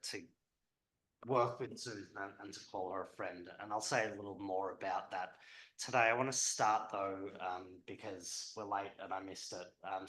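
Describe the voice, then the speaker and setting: A man's voice: low-pitched, fairly bright tone, roomy sound, poor audio. A man speaking at a public event as a historian, conversational and hesitant with frequent ums.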